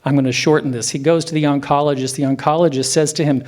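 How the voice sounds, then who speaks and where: A man in his fifties, a clinician giving a conference presentation in a hotel room, speaking emphatically and slowing down for effect. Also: on the high side. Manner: animated, emphatic, slows down for effect.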